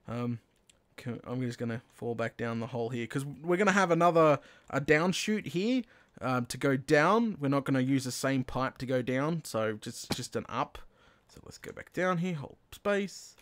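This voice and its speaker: A man narrating his own Minecraft play, talking himself through each step and bursting into excited shouts when things work. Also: mid-range voice, normal speed. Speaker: gaming channel host. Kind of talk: Minecraft let's play commentary.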